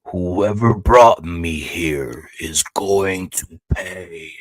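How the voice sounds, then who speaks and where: A man's voice: low-pitched, very slow, no room sound, heavily acted. A man reading as a menacing giant warrior prince. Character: huge menacing male four-armed warrior prince.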